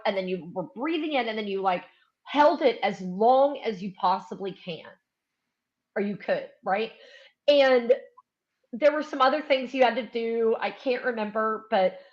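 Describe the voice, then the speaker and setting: A woman in casual conversation, telling a lively story full of fillers and asides. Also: on the high side. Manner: animated storyteller, many fillers. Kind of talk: casual chat. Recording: dull lo-fi sound.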